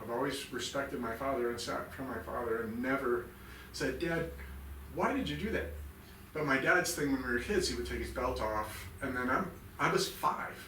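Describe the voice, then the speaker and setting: A man in his fifties tells a raw personal story in a bright, forceful voice, intense and profane, swinging from low murmurs to loud outbursts. He sits back from the mic, so his voice sounds distant in a roomy, echoing space with a faint hum behind it. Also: fairly quick. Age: 50s. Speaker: podcast guest, military veteran.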